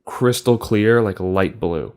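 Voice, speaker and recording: Young male co-host with a lowish voice, casual storyteller who laughs and swears a lot. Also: slow pace, darkish tone. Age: young adult. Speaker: podcast co-host. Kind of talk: casual chat.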